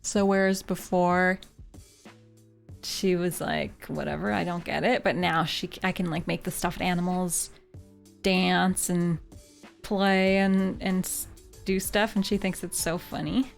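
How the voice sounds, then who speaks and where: A woman's voice: lowish voice, level tone, takes it slowly, gravelly, faint music behind. A woman streamer from Canada chatting casually with her live viewers. She talks in a chatty, giggly way and says "like" often. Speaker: game streamer.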